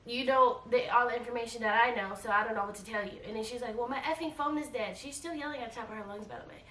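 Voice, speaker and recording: Woman in her forties, casual storytime, animated, repeats herself, echoey room, slightly distant mic. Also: fairly high pitch, very fast, slight background noise. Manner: animated, repeats herself, acts out quoted lines. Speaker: travel vlogger.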